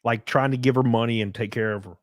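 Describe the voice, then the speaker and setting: Man, stream host, rambling chatty delivery, dry close sound, mid pitch. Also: fairly even intonation, fast, no room sound. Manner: rambling, filler-heavy retelling. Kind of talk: casual podcast chat.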